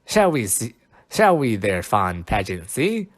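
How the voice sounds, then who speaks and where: A man cold-reading the lines of a mischievous male fairy sprite from old verse, slowly and carefully, stumbling over the old words. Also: lowish voice, huge pitch swings, full character voice.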